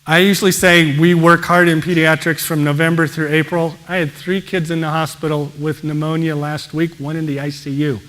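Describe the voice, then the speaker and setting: Brief: male pediatrician presenter, upbeat and exclamatory, slightly high voice. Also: moderate pace, hardly any pauses. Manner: energetic, exclaims wow often. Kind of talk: enthusiastic presentation talk.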